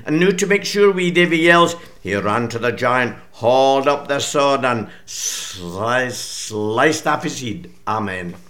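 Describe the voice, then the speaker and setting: Older Scottish man, author and broadcaster, homely storyteller, bright voice, clears throat. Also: medium pitch, animated, takes it slowly, hardly any pauses. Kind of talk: radio interview and storytelling.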